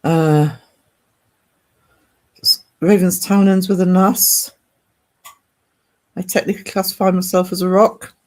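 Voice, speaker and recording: Chatty man, slightly high voice. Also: steady tone, measured pace, pauses often. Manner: chatty, rambling, reads out viewer comments. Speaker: art livestream host chatting with viewers. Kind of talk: casual livestream chat.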